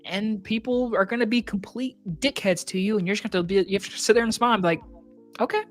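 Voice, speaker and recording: Profane, animated young storyteller. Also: mid-range voice, very fast, soft background music. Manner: profane, animated, acts out quoted customers. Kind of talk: casual chat, storytelling.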